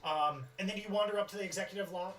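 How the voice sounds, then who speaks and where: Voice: mid-range voice, racing, a bit bright. A game master narrating a tabletop game scene, rambling with many fillers and restarts. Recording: distant mic with faint music.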